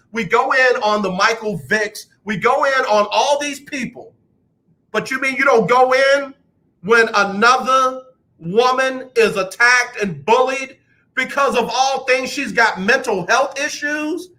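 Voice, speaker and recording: A man's voice: very high-pitched, sharp tone. A man hosting a sports talk radio show, ranting emphatically about athletes and the media and taking callers. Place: radio studio.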